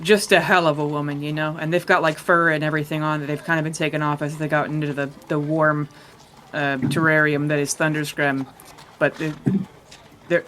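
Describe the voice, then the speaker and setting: A man's voice: on the high side, fairly bright tone, slight background noise. A man narrating as game master of a tabletop game, in a loose, rambling, joking way.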